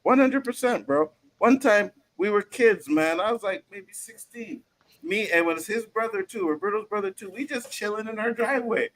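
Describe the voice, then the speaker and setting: A man from Canada hosting a casual panel podcast, telling stories in a lively, profane way and acting out the quotes. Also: sits high, moderate pace, rough recording. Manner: animated storytelling, profane, acts out quotes. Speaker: podcast host.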